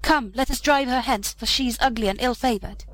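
A woman's voice: on the high side, brisk, a little hiss or hum, lightly acted, low-quality recording. A woman voicing a proud and cruel young boy in a storybook reading, haughty and scornful.

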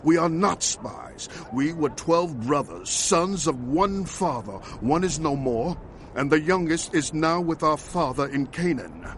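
A reproachful eldest brother in a radio drama. His voice is a little high for a man, and he speaks earnestly and pleads, over faint ambient sound. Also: lively intonation, a little slow, slight background noise. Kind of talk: audio drama acting.

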